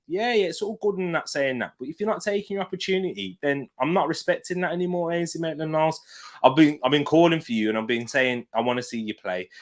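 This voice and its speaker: A man with a British accent hosting a live football watch-along stream, chatting casually, laughing often and reading out viewer comments while sitting back from his desk mic. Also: on the high side. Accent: British English. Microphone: desk mic, sits back from it.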